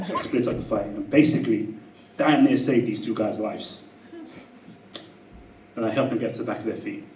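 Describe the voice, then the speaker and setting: A man telling a personal story to a live audience in a chatty, animated way, often laughing. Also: on the low side, moderate pace, pauses often, roomy sound, far from the mic, rough recording. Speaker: speaker at a live talk. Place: event room with an audience.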